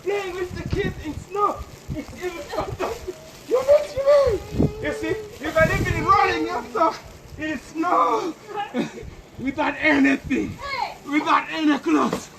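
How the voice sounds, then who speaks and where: A man vlogging outdoors in the snow, playful and laughing, often shouting and repeating himself. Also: very high-pitched, lively intonation, slow, creaky. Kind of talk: excited outdoor vlog. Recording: loud outdoor noise. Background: loud noise.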